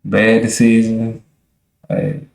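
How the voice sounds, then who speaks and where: A man's voice: lowish voice, little pitch movement, slow pace, vocal fry, a little mellow, echoey room. A man hosting a live stream, reacting to a crime video with blunt, slangy asides. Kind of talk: casual live reaction commentary.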